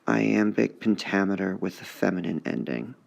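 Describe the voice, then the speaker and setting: A male high school English teacher giving a recorded lesson on poetic meter, repeating words to sound out their stresses. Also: animated, normal speed, creaky. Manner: sounds out syllables to mark the stresses.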